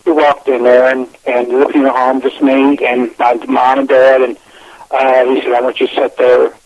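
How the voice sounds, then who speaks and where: A man's voice: medium pitch, monotone, normal speed, darkish tone. A man on a radio show, telling a long personal story in a meandering way, often repeating himself and restarting his sentences. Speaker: guest telling his experiences. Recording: dull lo-fi phone line.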